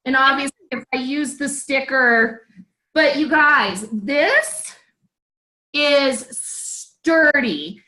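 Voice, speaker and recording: A woman with a high, bright voice chats on a casual livestream, showing a product to her sales team. She takes her time and drops in excited asides as she demonstrates. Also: extremely slow, low-quality recording.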